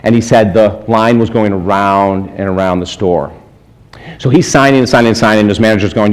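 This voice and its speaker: A man giving a storytelling sermon as a spiritual speaker, animated, chuckling often and acting out the people in his stories. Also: lowish voice, fast, low-quality recording. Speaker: spiritual speaker and life coach. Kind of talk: storytelling sermon to a live audience.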